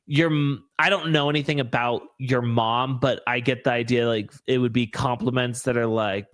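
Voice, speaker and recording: A man's voice: mid-range voice, steady tone, moderate pace, fairly bright tone, no room sound, clean studio sound. A man hosting a podcast, chatting casually about reality TV with lots of fillers and playful asides. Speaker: podcast host. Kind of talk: casual chat.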